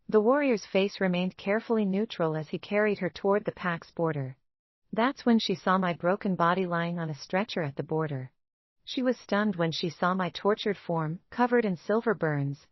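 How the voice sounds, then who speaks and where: A woman with a lower voice tells a first-person romance story in a steady, dramatic way. The sound is dry and a little dull, like a lo-fi recording. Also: no echo. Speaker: narrator.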